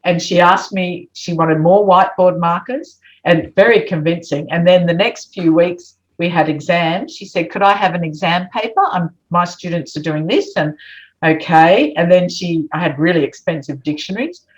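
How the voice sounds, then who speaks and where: A woman's voice: lowish voice, normal speed. A woman, telling a story as a guest and acting out the voices of the people in it. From Australia. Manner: animated, acts out quoted voices. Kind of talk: storytelling in conversation. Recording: dull lo-fi sound.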